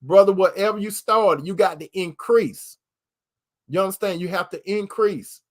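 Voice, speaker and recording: Speaking at normal speed in a high voice, a man gives viewers Christian relationship advice the way a preacher would. He stresses and repeats his points, referring to his listeners as brother and sister.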